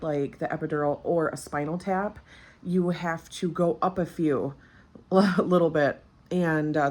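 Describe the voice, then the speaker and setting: Vlogger, woman in her 30s, low voice, candid and chatty, fresh from childbirth. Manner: candid, chatty, frequent fillers. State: recently postpartum. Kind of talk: casual storytelling.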